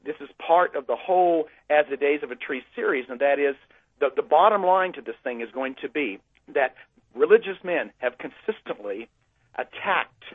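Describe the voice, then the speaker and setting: An American man with a somewhat high voice talks at a moderate pace, animated and with a breathy edge, telling a host a long story over the phone. The recording is dry, and he uses many fillers and restarts as a guest speaker in conversational storytelling.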